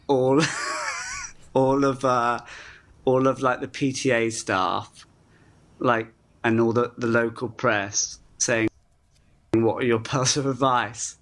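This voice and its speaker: A man's voice: medium pitch, steady tone, takes it slowly, pauses often, fairly bright tone. Laughing, self-deprecating man from the UK. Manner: chatty, laughs through his stories, self-deprecating. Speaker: actor guest. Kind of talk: casual interview chat.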